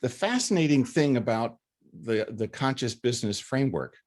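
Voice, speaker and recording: A man's voice: medium pitch, big pitch swings, moderate pace, a little mellow. A man giving a faculty lecture in an earnest, conversational way, often restarting his phrases. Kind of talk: recorded lecture.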